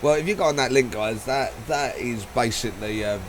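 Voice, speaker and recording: A man's voice: mid-range voice, a little fast, noisy background. A man live-streaming a flight simulator, chatting casually, rambling, swearing and laughing a lot.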